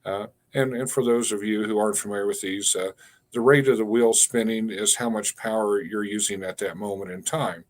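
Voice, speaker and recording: Man in his 60s, low-pitched, halting storyteller who leans on fillers and restarts his phrases. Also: fairly even intonation. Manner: halting, with frequent fillers and repeated words. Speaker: guest, energy healer. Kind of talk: storytelling in a conversational interview.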